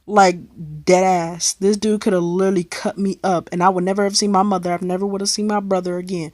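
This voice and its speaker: Speaking fast in a level, darkish medium-pitched voice, a young Cleveland vlogger rambles through a slang-heavy story. She swears freely throughout the casual video, and she's from Cleveland in the United States.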